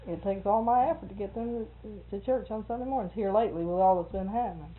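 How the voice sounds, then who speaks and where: A woman's voice: medium pitch, fast talker. A middle-aged woman, chatting casually and telling rambling stories with frequent laughs. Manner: chatty storyteller, laughs often. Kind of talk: casual conversation. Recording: phone-like narrow band.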